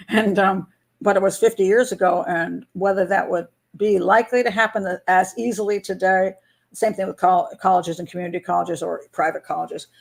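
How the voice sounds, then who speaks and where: A woman's voice: lowish voice, gravelly. An older American woman hosting a live patron hangout, chatting casually, laughing often and rambling through restarts. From United States. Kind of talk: casual live-stream chat.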